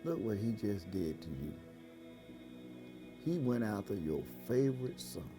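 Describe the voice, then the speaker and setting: An older man voicing a tempting devil in a low, hushed, coaxing tone. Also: expressive, measured pace, over music. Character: tempting devil whispering despair, male.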